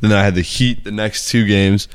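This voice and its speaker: A man's voice: fairly low pitch, little pitch movement, normal speed, smooth, no room sound, studio quality. A young man co-hosting a podcast, talking in a laid-back, casual way about sports bets and swearing casually. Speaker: podcast co-host.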